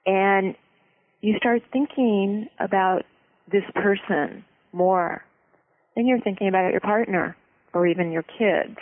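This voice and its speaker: A guest expert giving relationship advice in an interview, explaining in an earnest, steady way. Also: mid-range voice, slow pace. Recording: tinny phone-like line.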